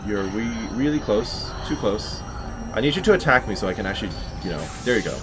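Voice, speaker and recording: A man's voice: on the low side, animated, brisk. A man giving let's play commentary on a horror game, wry and talking back to the enemies as he plays. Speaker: gameplay commentator. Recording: game music playing behind. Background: game music.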